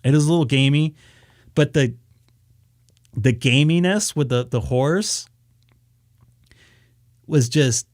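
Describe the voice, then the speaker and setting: Speaking slowly with long pauses, a man with a mid-range voice recounts a story casually on a ham radio live stream. He's animated, acts out how he reacted, and restarts a lot, all captured in clean studio sound with no echo.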